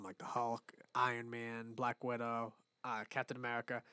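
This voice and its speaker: A man's voice: mid-range voice, steady tone, fairly quick, fairly bright tone, clean tone, no room sound, clean studio sound. A young man in casual chat, rambling and swearing freely, with frequent laughs. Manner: rambling, profane, laughs often.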